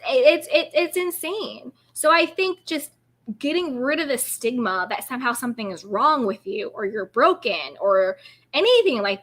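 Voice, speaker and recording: A woman's voice: fairly high pitch, fairly bright tone. A woman hosting a live stream as a self-care coach, talking in an encouraging, upbeat and affirming way. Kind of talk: casual live-stream talk.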